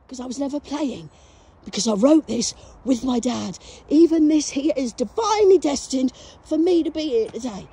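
A woman ranting profanely outdoors in a graveyard, shouting at unseen enemies on a phone camera. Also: high voice, animated, normal speed. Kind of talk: ranting spiritual vlog.

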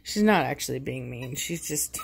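A woman's voice: rumbling low, expressive, normal speed, vocal fry. A woman filming her dogs and chatting casually about them, often cooing baby talk at the puppies. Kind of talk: casual chat.

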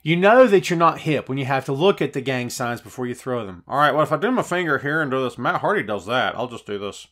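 Chatty, excitable middle-aged man host. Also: medium pitch, fast, hardly any pauses. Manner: chatty and excitable, loose with fillers and restarts. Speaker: wrestling podcast host. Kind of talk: casual live-show chat answering viewer comments.

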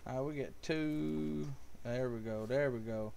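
A man's voice: mid-range voice, measured pace, gravelly, darkish tone, a little hiss or hum. A man giving casual live gameplay commentary, joking with viewers and calling out their names. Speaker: live streamer.

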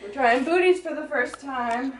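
A woman vlogging casually outdoors while walking her dog, slipping into high sing-song baby talk to praise him. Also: normal speed, a little hiss or hum. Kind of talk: casual vlog.

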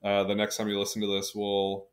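A man hosting a podcast, closing the episode in a relaxed way and plugging his links. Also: fairly low pitch, a little fast. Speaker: podcast host. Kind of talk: casual podcast sign-off.

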